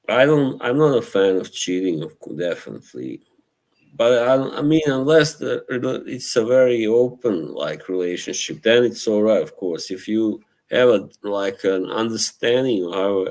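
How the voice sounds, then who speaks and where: A man's voice: deep voice, a little mellow, poor audio. A man casually chatting on a live stream, reading viewer messages and laughing often. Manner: slow, laughing, trying British accents for fun.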